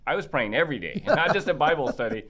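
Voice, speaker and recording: A man, a guest on a podcast, telling a story in casual chat. He talks in an animated way, acts out the dialogue of other people and restarts his sentences a lot. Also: on the high side, fast talker. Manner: many restarts and fillers.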